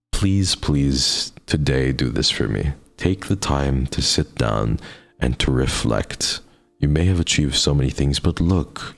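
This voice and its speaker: Super low gravelly guy on a livestream, hyping up his chat all affectionate. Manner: affectionate and encouraging, pep-talk tone.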